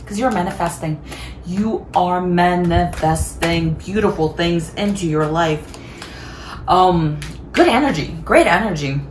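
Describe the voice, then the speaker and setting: This tarot reader speaks at a measured pace in a lowish voice, keeping the reading casual, bubbly and chatty with frequent laughter. She's recorded in an echoey room where faint background noise is audible.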